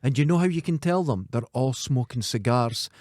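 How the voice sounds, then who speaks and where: A man with a Scottish accent co-hosting a casual podcast, blunt and jokey and quick to mock. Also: mid-range voice, expressive, a little mellow, dry recording, clean studio sound. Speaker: podcast co-host.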